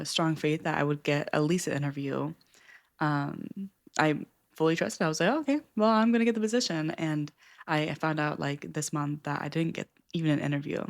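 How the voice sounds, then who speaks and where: A young woman with a low voice reflects candidly in a personal vlog. She speaks earnestly and openly and often uses "like" as a filler. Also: vocal fry. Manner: earnest, open, with frequent "like" fillers. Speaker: self-help book vlogger.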